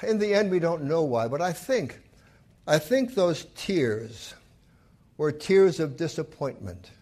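A man delivering a sermon, his pitch rising and falling freely as he retells a scripture story. His voice sits slightly high for a man, and he throws himself into the quoted lines of the story. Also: slow pace. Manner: retells scripture with acted quotes, lively and emphatic. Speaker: pastor.

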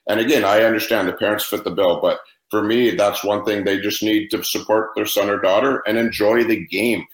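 Passionate low-voiced man in an echoey room. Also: steady tone, a little fast. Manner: passionate, emphatic opinions. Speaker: hockey coach. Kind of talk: casual interview answers.

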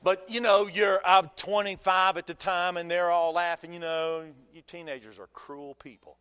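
A folksy male pastor preaching with a high, bright voice. He keeps the sermon animated with humor and questions to the congregation. His voice rings out with a long hall reverb, as in a church sanctuary. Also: normal speed, clear, resonant tone.

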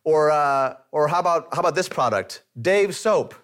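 A man's voice: on the high side, brisk, fairly bright tone, clear, resonant tone. A man preaching a sermon in a conversational way, with light self-deprecating humor. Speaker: pastor.

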